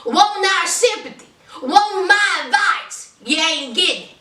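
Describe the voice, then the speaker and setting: A fed-up middle-aged mother scolds her grown son in a bright, high, exasperated voice, as a woman puts her on. She sounds roomy and a little distant. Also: lively intonation, a little slow, exaggerated voice.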